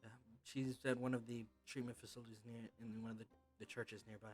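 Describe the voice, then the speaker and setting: A man narrating as game master, telling a tabletop game in a casual, halting way. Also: mid-range voice, level tone, darkish tone, soft background music.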